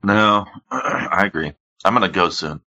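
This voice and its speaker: A lower-pitched man chats casually and rambles through crude stories. His voice is bright and forceful. The sound is a little dull and lo-fi. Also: measured pace. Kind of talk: casual chat.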